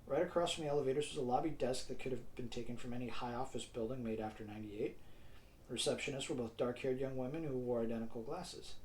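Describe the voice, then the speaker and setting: A man reading his own audiobook in an even, mid-range voice. He keeps it casual and drops wry asides to the listener, with faint noise under the recording. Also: medium pitch, fast, rough recording. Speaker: narrator and author. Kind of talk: self-read audiobook narration.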